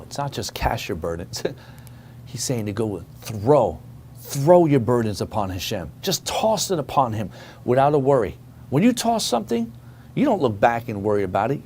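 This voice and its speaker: A man's voice: mid-range voice, darkish tone, slight background noise. A middle-aged man preaching a sermon as a rabbi, telling a story and calling his listeners friends. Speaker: rabbi teaching a weekly Torah lesson.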